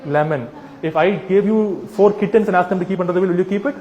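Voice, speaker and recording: A man's voice: sits high, fast talker, mellow, reverberant, big-room sound, lo-fi sound. A man addressing a live audience, arguing with rhetorical questions and acted-out scenarios, sometimes mocking voices. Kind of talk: animated persuasive talk with acted-out scenarios.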